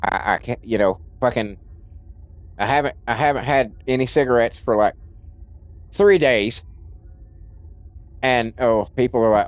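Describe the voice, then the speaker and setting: A man's voice: medium pitch, measured pace, long pauses, no echo. A man streaming a game, venting in a rambling rant full of restarts and swearing, and in nicotine withdrawal. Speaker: livestream gamer.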